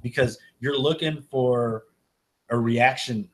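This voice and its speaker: A man's voice: mid-range voice, slow pace, noisy background. Profane, ranting man on a podcast. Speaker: podcast host. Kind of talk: casual podcast chat.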